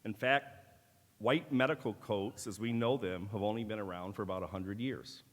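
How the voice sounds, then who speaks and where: Low-voiced man speaking in a reverberant hall. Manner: measured, deliberate delivery with wry asides. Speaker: keynote speaker at a medical school ceremony. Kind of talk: formal ceremonial speech with dry humor. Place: large auditorium. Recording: long hall reverb from a large auditorium.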